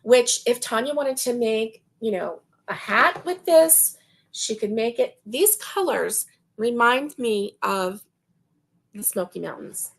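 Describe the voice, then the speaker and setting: Slow gushing woman with a gravelly voice. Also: on the high side, expressive. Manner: gushing, slow and chatty, laughs often. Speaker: host. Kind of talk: casual chat showing yarn.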